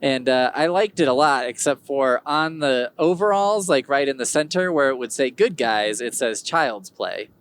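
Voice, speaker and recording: Lively, rambling male podcast host. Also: mid-range voice, moderate pace, hardly any pauses, clean tone. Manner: rambling, digressive, wry humor. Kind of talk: casual solo podcast monologue.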